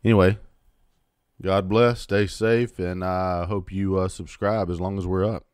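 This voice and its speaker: A host in his fifties speaks unhurriedly in a low, steady, slightly mellow voice that is clear and resonant. He rants bluntly and defiantly to camera about politics, with lots of swearing and sarcastic asides, in clean studio sound with no room sound.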